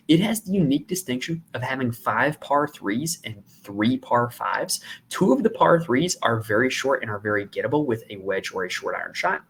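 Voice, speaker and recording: A man's voice: medium pitch, husky. A man hosting a podcast, giving a chatty, conversational sports betting preview. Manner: chatty and conversational, talks at length. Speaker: podcast host.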